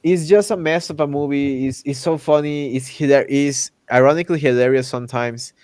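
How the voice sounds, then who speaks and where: A man hosting a casual chat, ranting in an animated way and acting out characters' lines with exaggerated voices. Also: medium pitch, a little fast, no room sound. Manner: loose, repetitive restarts while ranting. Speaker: podcast host.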